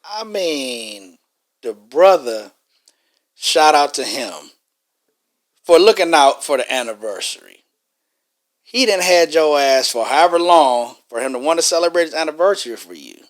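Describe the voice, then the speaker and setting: A man's voice: a little high, animated, measured pace, long pauses. A man co-hosting a podcast, reacting emphatically to the story. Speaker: podcast co-host. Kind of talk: casual podcast banter.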